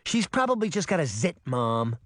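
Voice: mid-range voice, very animated, moderate pace, no room sound, studio quality, close to an everyday voice. A reader voicing a cheeky, teasing younger sister with a chirpy, wisecracking delivery, read as an audiobook. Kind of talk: audiobook reading.

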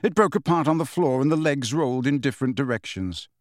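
A man's voice: mid-range voice, expressive, quick pace, no room sound, studio quality. A man narrating a fantasy novel as an audiobook, reading expressively.

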